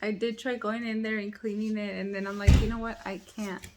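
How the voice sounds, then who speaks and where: A woman chatting casually, answering in short, slow reactions and soft laughs. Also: medium pitch, little pitch movement, crowd noise. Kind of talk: casual chat.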